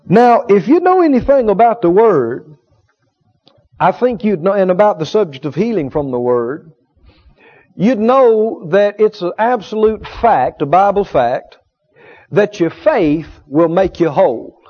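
A man's voice: high-pitched, big pitch swings, unhurried. A man preaching a sermon on faith and healing, repeating key phrases with emphasis and asking the congregation for agreement. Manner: emphatic, repetitive, call-and-response with the congregation. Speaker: healing school teacher and preacher. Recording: dull lo-fi sound.

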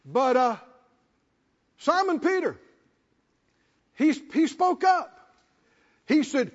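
Delivering a sermon slowly and pausing often, a very high-voiced man swoops and lilts with lively energy. His folksy, plain style leans on repetition for emphasis, captured in dull lo-fi audio with long hall reverb.

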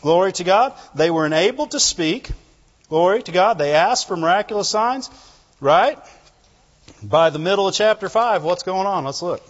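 A man preaching a sermon, animated and full of rhetorical questions, breaking into "Glory to God" again and again. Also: high-pitched, moderate pace. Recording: dull lo-fi sound in a reverberant hall.

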